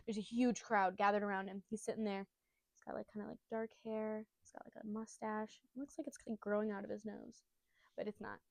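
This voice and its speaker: A woman's voice: mid-range voice, fairly even intonation, moderate pace, no room sound. A woman casually retelling a comic chapter, bubbly and rambling, full of jokey asides. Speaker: storyteller recapping a manga.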